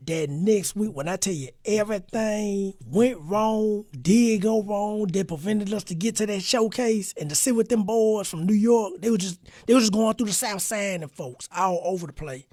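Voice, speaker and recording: A man hosting a podcast interview, telling a story in an animated, slangy way. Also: sits high, normal speed, hardly any pauses, dry recording, clean studio sound. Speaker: podcast host. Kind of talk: casual interview chat.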